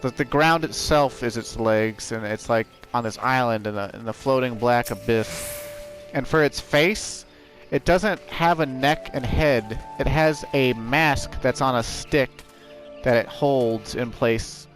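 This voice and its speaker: A man at an ordinary middle pitch, chatting loosely as he plays. He wanders through his story with lots of "like" and restarts, while the game's music plays clearly behind him. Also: measured pace. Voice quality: rambling, with many "like" fillers and restarts. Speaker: let's play host. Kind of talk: casual gameplay commentary. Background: game music.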